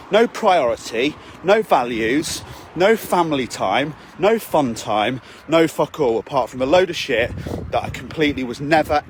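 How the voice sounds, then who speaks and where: A man's voice: mid-range voice, a little hiss or hum. A man, a fitness coach, giving a blunt, sweary motivational talk to his camera while out walking, often asking "okay?". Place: outdoors on a walk.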